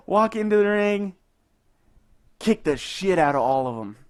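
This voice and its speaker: A young man co-hosting a podcast, telling stories in a casual, excited and profane way. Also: sits high, takes it slowly. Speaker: podcast co-host. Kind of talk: casual chat.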